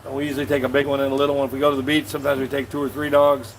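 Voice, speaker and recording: A man's voice: mid-range voice, monotone, rapid-fire, slight background noise, low-quality recording. A man talking casually to his viewers at home, rambling and chatting to his dogs as he goes. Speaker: vlogger. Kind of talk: casual vlog chat. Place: home in the Philippines.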